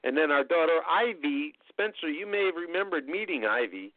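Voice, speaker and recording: An older man telling rambling, chatty anecdotes as an interview guest, with frequent pauses. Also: fairly high pitch, expressive, narrow, tinny audio, slight background noise. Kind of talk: storytelling anecdotes in casual conversation.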